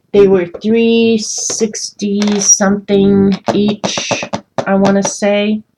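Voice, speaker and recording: A woman's voice: mid-range voice, low-quality recording. A woman talks casually into a desk mic while she colors on a live stream. She rants and replies to viewers by name. There is a faint hiss behind her voice. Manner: chatty, ranting, answers viewer comments by name. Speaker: livestream host coloring art.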